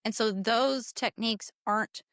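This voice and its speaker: Measured woman explaining parenting ideas. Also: a little high, fairly bright tone, dry recording, clean studio sound. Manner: explanatory, measured, finishes her partner's points. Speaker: podcast co-host. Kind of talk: casual conversational podcast.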